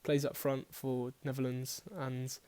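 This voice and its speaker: This man's voice is mid-range, warm and clean, delivered in a measured monotone. He's casually running through his fantasy football picks in a chatty, wandering way, fixing his own statements as he goes and dropping the occasional swear word.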